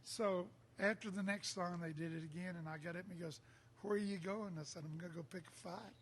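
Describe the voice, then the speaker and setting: An older man with a drawl spins a rowdy tale, jumping into other voices as he goes. His voice sits fairly high for a man. A faint hiss of noise runs under it. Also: fast. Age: 60s. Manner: lively storyteller acting out quotes. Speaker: songwriter guest. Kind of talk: casual storytelling.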